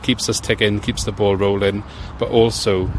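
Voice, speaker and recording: Man over steady background noise. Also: on the low side, normal speed. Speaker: guest podcaster. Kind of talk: casual football chat.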